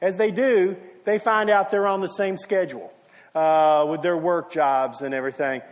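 A man's voice: high voice, fairly even intonation, normal speed, long reverb tail. A man preaching a sermon, telling stories with emphatic rises and dramatic retellings. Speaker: pastor.

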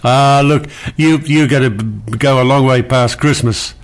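Firm older radio host. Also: male voice, mid-range voice, a little slow. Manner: firm, reassuring, a bit gruff. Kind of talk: talkback radio chat.

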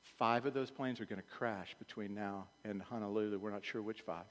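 A male pastor, preaching a sermon and swinging between loud urging and quiet earnest talk. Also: fairly low pitch, fairly even intonation, moderate pace. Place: church sanctuary. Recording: long hall reverb.

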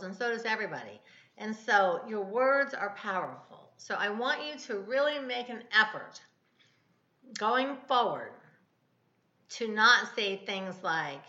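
A woman's voice: on the high side, pushed and bright, roomy sound, dull audio. A woman in her fifties, a podcast host rambling and correcting herself in a casual devotional talk. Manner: chatty, rambling, self-correcting.

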